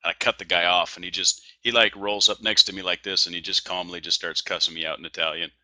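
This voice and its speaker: A man's voice: sits low, level tone, quick pace, pushed and bright, no room sound. A male co-host in casual chat, telling stories in an easygoing way. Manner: easygoing storyteller, laughs often. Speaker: podcast co-host.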